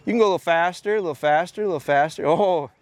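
Talking very fast in a high voice with no room sound, a thirtysomething man runs an outdoor dog training class on a mowed field. He coaches the handlers, frequently repeating his instructions.

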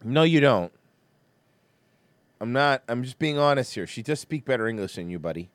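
A man's voice: medium pitch, lively intonation, moderate pace. A man co-hosting a show, chatting casually and joking while reacting to clips. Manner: joking, does a mock British accent. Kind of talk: casual chat.

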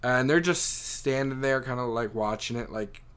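Young male talker, loose filler-heavy storytelling, mid-pitched, casual chat. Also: normal speed, a bit bright, clean tone. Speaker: friend telling a story.

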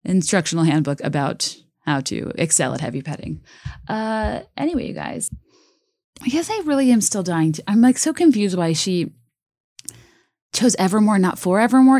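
A woman's voice: mid-range voice, expressive, moderate pace, darkish tone, no room sound, studio quality. A woman hosting a solo podcast, talking casually in a chatty, self-mocking way with lots of fillers and restarts. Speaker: podcast host.

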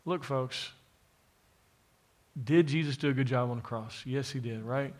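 A man with a mid-range voice preaches unhurriedly in church to a live congregation and to online viewers. He drives his message with emphatic repetition, speaking straight to those listening.

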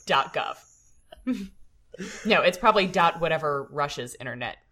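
A young woman co-hosting a relaxed chat, her voice on the low side with a lot of up-and-down movement. She fires back quick, teasing remarks. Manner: wry, teasing, quick replies. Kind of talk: casual chat.

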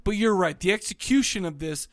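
A man's voice: high-pitched, lively intonation, a little fast, dry recording, clean studio sound. A man co-hosting a podcast in casual chat, rambling and restarting his sentences, often laughing. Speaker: podcast co-host.

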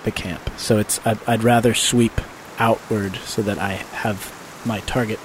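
A man's voice: fairly low pitch, steady tone, unhurried, a little hiss or hum, low-quality recording. A man playing a tabletop game, explaining his plans at length in casual chat and laughing often. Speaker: player.

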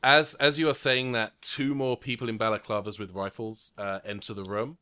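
A man's voice: fairly low pitch, flat delivery, moderate pace, pushed and bright, smooth. A man narrating as game master in a tabletop role-playing game, rambling descriptions full of fillers. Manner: rambling with many fillers, voices figures briefly. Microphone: remote recording.

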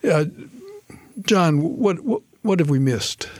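A man's voice: a little high, expressive, takes it slowly, no room sound. A man hosting a radio interview show, speaking hesitantly with frequent restarts. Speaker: radio talk show host. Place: radio studio.

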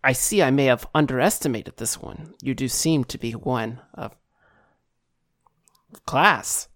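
A woman's voice: rumbling low, a little slow, a bit bright, no echo, studio quality. A woman game master voicing a proud, wary queen with a haughty manner. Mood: cool.

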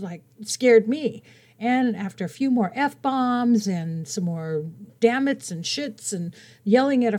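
A woman's voice: medium pitch, a little mellow. Middle-aged woman on her podcast, earnest personal story, gets really emotional. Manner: earnest, emotional storytelling with dramatic quoted outbursts. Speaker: podcast host.

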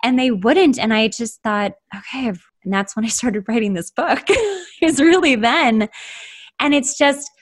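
A woman guest, a writer and life coach, talking in a casual interview with lively storytelling and a slightly rough voice today. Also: a little high, a little slow. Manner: animated storytelling with quoted inner voices.

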